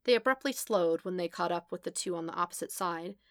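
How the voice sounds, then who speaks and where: Gravelly low-voiced woman reading a story. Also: fairly quick, dry recording, clean studio sound. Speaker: podfic reader. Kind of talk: reading fan fiction aloud.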